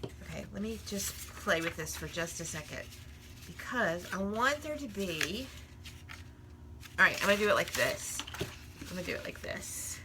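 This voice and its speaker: A woman's voice: mid-range voice, expressive, moderate pace, long pauses, background noise. A woman in a casual crafting vlog, chatting and rambling while she works, often laughing at herself. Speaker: crafting vlogger.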